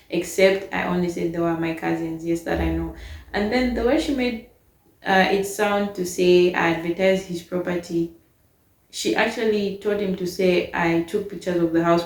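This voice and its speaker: A young woman casually telling a storytime about a bad housemate, animated and exasperated as she retells it. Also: lowish voice, reverberant.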